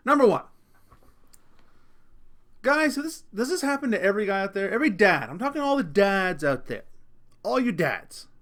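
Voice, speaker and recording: A man's voice: high-pitched, very animated, normal speed, long pauses, fairly bright tone. A man hosting his own casual rant video from home, rambling and correcting himself as he tells crude, jokey stories. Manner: rambling, self-correcting storyteller, crude humor.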